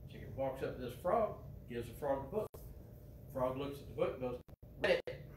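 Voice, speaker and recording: A man serving as pastor, with a Midwestern American accent, telling a homespun joke and reading church announcements in a relaxed manner. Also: medium pitch, normal speed, a little hiss or hum. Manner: relaxed, homespun, fond of "you know". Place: church sanctuary. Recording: echoey church heard from a distance.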